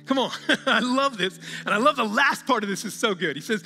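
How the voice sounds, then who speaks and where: A man's voice: high voice, animated, fairly quick, bright, forceful tone, long reverb tail. A man preaching a sermon as pastor, exhorting the congregation, calling out to them often and laughing between points.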